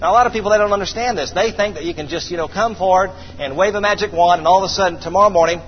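A man preaching a sermon to a congregation, calling for responses and praising, slowing down to read scripture. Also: sits high. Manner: call-and-response, exclamations of praise. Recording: dull distant hall sound, faint noise.

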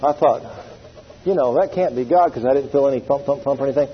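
A middle-aged man preaches a sermon, telling stories with acted-out quotes and calling on the congregation to respond. His voice is medium-pitched, quick and slightly rough, and the recording sounds dull and lo-fi.

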